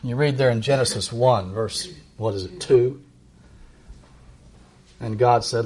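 Man, middle-aged, preacher, sermon, emphatic scripture reading, slows on key lines. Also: a little mellow. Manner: emphatic, rises high when reading verses and slows down.

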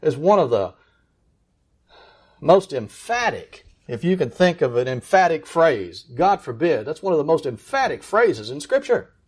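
A man preaching a sermon in an earnest, emphatic way, slowing down to stress key words. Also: fairly high pitch, big pitch swings, slightly rough.

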